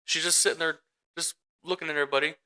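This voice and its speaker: A man with a voice on the high side, steady in tone yet racing, pushed, and bright, co-hosts a casual podcast chat in a low-quality recording. He tells a rambling story as a worried father, with many restarts and acted-out quotes.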